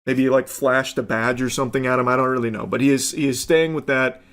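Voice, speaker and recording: A man's voice: mid-range voice, steady tone, fast talker, fairly bright tone, clean tone. A young man streaming, casually commenting on a clip, rambling with fillers and casual swearing.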